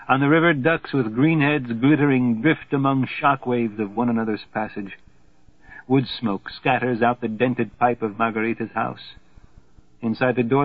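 A man narrating a literary novel as an audiobook in a measured voice that grows hushed in somber passages. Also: medium pitch, no room sound. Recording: tinny phone-like sound, dry.

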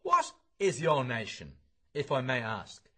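A man reading the part of a scornful old nationalist in a pub, slow and pointed. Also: mid-range voice, huge pitch swings, sharp tone, slightly rough, heavily acted.

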